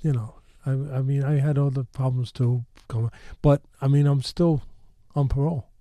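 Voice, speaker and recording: A man's voice: medium pitch, steady tone, normal speed, dark tone, no room sound. A man telling a story in a loose, rambling way, full of fillers and restarts, with blunt street-tough talk. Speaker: storytelling guest. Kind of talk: casual spoken storytelling.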